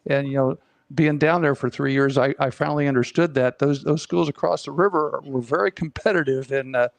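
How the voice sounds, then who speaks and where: Older ex-player; gravelly, halting recollection. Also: male voice, mid-range voice, no room sound.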